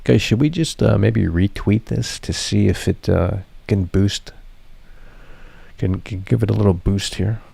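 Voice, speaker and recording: This streamer's voice is lowish, gravelly and mellow with a breathy edge, delivered at a measured pace in a dry recording. He chats casually with his viewers live, wandering from topic to topic and cursing without restraint.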